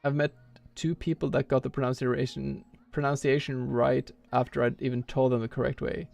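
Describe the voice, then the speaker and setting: A man's voice: medium pitch, little pitch movement, normal speed, gravelly, a little mellow, soft background music. A man streaming a speedrun, rambling casually and thinking aloud with lots of filler words. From Norway. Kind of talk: casual live-stream chat while playing.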